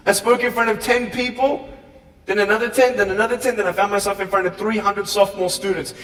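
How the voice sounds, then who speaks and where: An Australian man giving an animated motivational speech to a school audience, swinging between quiet talk and shouting. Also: high-pitched, fast. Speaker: motivational speaker. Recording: echoey hall, far from the mic.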